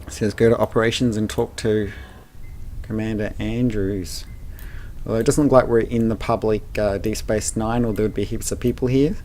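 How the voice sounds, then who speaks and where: A low-pitched man hosts a relaxed let's play, talking through his gameplay as he goes. His narration rambles and stops for fillers, over a faint background hiss. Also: moderate pace. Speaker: game channel host.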